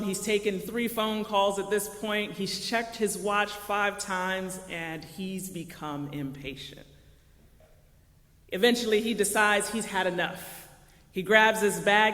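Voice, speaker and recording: Man, pastor, sermon, high voice, echoey hall. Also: sharp tone. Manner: storytelling with acted quotes. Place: church sanctuary.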